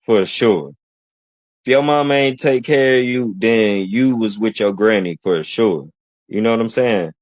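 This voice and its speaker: A man in casual chat, relaxed and rambling with lots of fillers. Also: on the low side, measured pace, dry recording. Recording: dry, dull-sounding recording.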